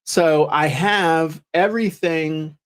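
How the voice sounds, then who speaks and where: A man's voice: on the high side, slow pace. A man co-hosting a podcast, talking in a chatty, joking, self-deprecating way. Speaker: podcast co-host. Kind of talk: casual chat.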